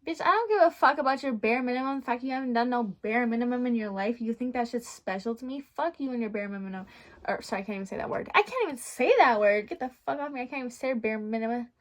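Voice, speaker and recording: A young woman vlogger telling a storytime rant in a blunt, profane, animated way. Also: a little high, fast talker.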